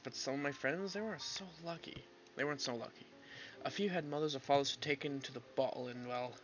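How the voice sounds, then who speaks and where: Man reading a somber young detective partner, soft-spoken. Bright voice, dull mic. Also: mid-range voice.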